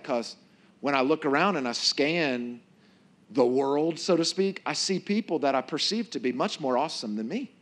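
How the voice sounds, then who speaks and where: A male pastor giving a sermon in a conversational, animated storytelling way. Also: on the high side, brisk.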